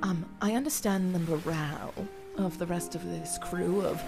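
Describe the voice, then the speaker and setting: A woman's voice: fairly low pitch, moderate pace, gravelly, music in the background. A woman voicing a theatrical female necromancer who plays the weeping damsel, melodramatic and flirtatious. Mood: scheming.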